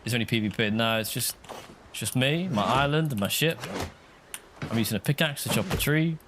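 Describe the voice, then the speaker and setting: A man's voice: medium pitch, a little fast, background noise. A man chatting casually while he streams a game, rambling and answering viewers' comments. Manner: chatty, rambling, reads chat aloud.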